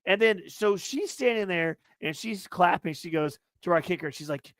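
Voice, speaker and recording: A young man co-hosting a casual sports podcast, ranting loudly and profanely with a lot of repetition. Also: sits high, brisk, few pauses, no room sound. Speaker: podcast co-host.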